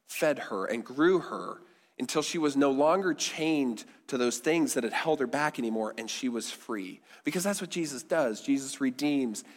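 Man preaching in a reverberant hall. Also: medium pitch. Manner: conversational preaching, with quiet emphatic endings. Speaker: pastor. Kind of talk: sermon.

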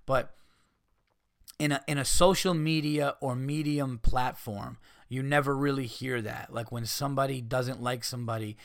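Gravelly man ranting, swearing freely. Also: fairly even intonation, normal speed, dry recording, studio quality. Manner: profane, ranting, mimics people in high voices. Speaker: podcast host. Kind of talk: casual rant.

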